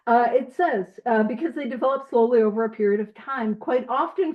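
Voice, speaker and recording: A fairly high-voiced woman leads a group study over an online call, reading passages aloud and breaking in with emphatic, joking asides. Her audio is a bit dull and lo-fi. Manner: animated and emphatic, jokey asides.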